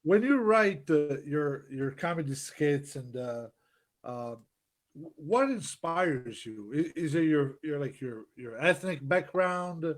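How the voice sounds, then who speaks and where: A male host asking his guest questions in a halting way, with many fillers. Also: fairly high pitch, lively intonation. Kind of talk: casual interview questions.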